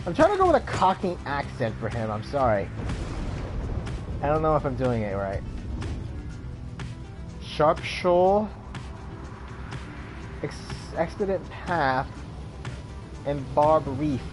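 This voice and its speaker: A man's voice: fairly high pitch, lively intonation, takes it slowly, long pauses, rough recording. A man playing a story game, reading the text aloud and chatting between lines. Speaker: let's player. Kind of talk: casual game narration. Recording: game music behind.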